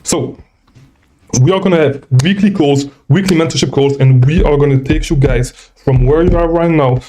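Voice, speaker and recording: A seller coach hosts a casual live Q&A while traveling, speaking indoors, reading out viewer questions and tagging many lines with "okay?". He sounds short of breath and rambling, with a mellow voice on the high side at a moderate pace.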